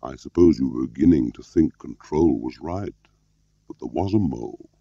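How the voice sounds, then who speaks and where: A mild, soft-spoken older spymaster from a storybook reading, asking gentle, probing questions, as a male narrator puts him on. His voice is very deep and dark with a gravelly edge. The recording is dry and slightly dull. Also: animated, moderate pace, no echo, full character voice. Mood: quiet probing.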